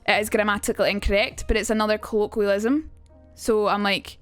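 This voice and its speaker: A woman's voice: mid-range voice, little pitch movement, brisk, dry recording, soft background music. A young Scottish woman streaming a casual chat about accents, chatty and sweary, reading out messages from chat. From Scotland. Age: young adult.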